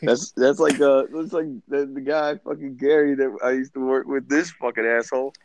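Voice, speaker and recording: A man's voice: mid-range voice, fairly even intonation, moderate pace, a little mellow, dry recording, rough recording. A man bantering and laughing in casual podcast chat.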